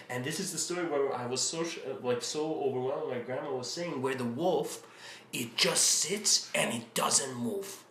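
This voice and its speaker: A man's voice: medium pitch, pushed and bright. A man giving a casual spiritual lecture, rambling and full of fillers and restarts as he tells a story. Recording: roomy with faint ambient noise.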